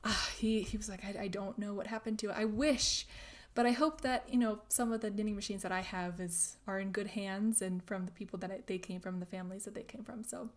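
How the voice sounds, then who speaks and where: A young woman hosting a crafting livestream, chatting casually while reading viewer comments, laughing often and trailing into soft asides. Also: medium pitch, steady tone, fairly quick, hardly any pauses. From grew up speaking German at home in the US. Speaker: crafting channel host.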